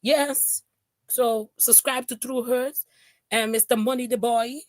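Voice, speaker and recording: A woman's voice: on the high side, slow, dry recording, clean studio sound. A woman doing a casual, mocking commentary rant. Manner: mocking, animated, fake crying and singing impressions. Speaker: commentary streamer.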